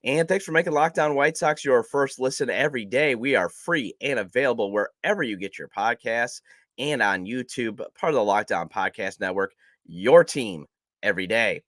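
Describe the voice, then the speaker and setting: A man's voice: mid-range voice, lively intonation, normal speed, a bit bright, no room sound, studio quality. A man hosting a casual sports podcast, chatty and self-deprecating, his voice nasal from a cold. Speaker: podcast host.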